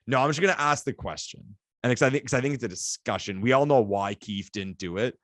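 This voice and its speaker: A man co-hosting a casual sports podcast, telling stories in an excitable, animated way. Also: lowish voice, dry recording. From Canada. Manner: excitable, animated storytelling with laughs. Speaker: podcast co-host.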